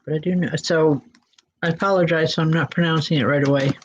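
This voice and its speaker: A woman working as a psychic medium, giving spirit readings in a gentle, reassuring way and speaking straight to listeners by name. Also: low-pitched, fairly even intonation, fast, slight background noise. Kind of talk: live spirit readings and announcements. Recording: dull lo-fi recording.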